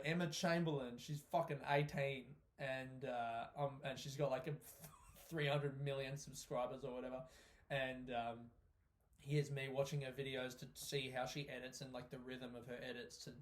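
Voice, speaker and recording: A man, a comedian, talking through a casual solo podcast monologue in an animated, sweary way, often laughing. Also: medium pitch, moderate pace. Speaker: stand-up comedian hosting his own podcast.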